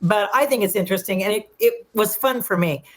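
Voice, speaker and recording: A woman's voice: mid-range voice, a little fast. Enthusiastic middle-aged woman, film show co-host, storyteller, casual chat. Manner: chatty, tells long anecdotes with enthusiasm.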